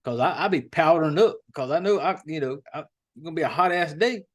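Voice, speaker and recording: A folksy man hosts a podcast in loose, profane chat. His voice sits a little high for a man, and he rambles and drawls as he goes. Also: a little fast. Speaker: podcast host.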